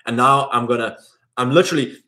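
A man's voice: medium pitch, quick pace, bright, forceful tone. A man hosting a podcast, giving a conversational motivational faith talk to other men, emphatic and full of fillers. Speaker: host of a men's faith podcast.

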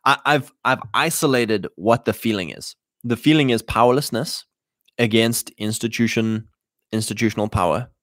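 A man's voice: medium pitch, moderate pace, a bit bright, no room sound, clean studio sound. Rambling male livestream host. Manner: rambling, many fillers and restarts. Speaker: show host. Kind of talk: casual livestream monologue.

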